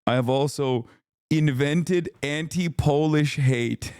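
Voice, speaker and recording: A man's voice: on the high side, slow, a little mellow, clear, resonant tone, no echo, studio quality. Profane ranting male streamer. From lives in California. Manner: profane, ranting, laughs often. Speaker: livestream host. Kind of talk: casual livestream chat reacting to viewers.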